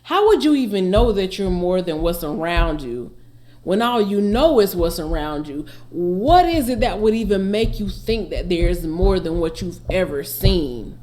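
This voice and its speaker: A woman reacts to music in a relaxed, spoken way. Her voice sits low, and she muses emphatically in slangy street talk laced with cursing. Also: measured pace. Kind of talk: casual album reaction commentary.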